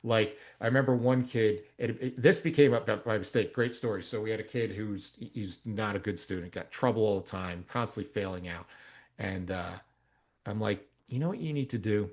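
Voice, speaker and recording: A man co-hosting a coaching podcast, telling stories in a casual, animated way and rising loud when he quotes himself. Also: on the low side, moderate pace. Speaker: strength coach and podcast co-host.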